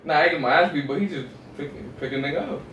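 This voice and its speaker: A man, a podcast co-host, telling a story in animated street slang and acting out quotes. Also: fairly high pitch, fast talker, distant mic. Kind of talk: casual storytelling. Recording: roomy, off-mic, faint noise.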